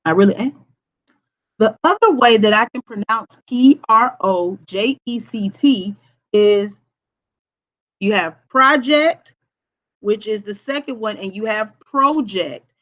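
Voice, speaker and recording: A woman teacher giving a recorded online lesson. She has a projecting voice and speaks deliberately, checking in with "okay?" after each point. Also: medium pitch, lo-fi sound. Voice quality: voice projects strongly.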